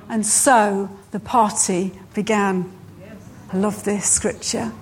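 A woman preaching a sermon to her church, slow and emphatic, driving her points home by repeating phrases. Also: mid-range voice, steady tone, slightly rough.

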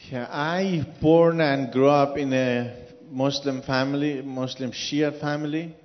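A man's voice: medium pitch, steady tone, in a large hall, highs cut off. A man from Iran with an Iranian accent, earnestly answering questions as a guest at a church gathering. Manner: earnest, speaking slowly with a foreign accent. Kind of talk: church interview.

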